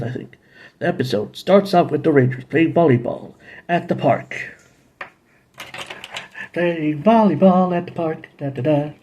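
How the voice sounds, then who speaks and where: A man's voice: mid-range voice, vocal fry, a little mellow, muffled recording, a little hiss or hum. A man casually recapping and reviewing TV episodes, rambling with playful asides and bits of humming.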